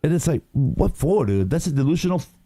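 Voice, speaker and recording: A man in a casual podcast chat who rants in long, rambling, profane runs. His voice is mellow and dark, yet his pitch swings widely. It sounds dry and close to the mic. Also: fairly quick, no room sound. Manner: profane, rambling, animated rant with lots of fillers. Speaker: podcast co-host.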